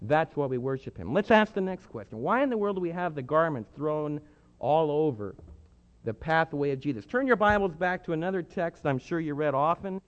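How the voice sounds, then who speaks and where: High-voiced preacher in an echoing hall. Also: male voice, expressive, a little fast. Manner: emphatic, swings between hushed and loud. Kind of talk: sermon. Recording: muffled sound with long hall reverb.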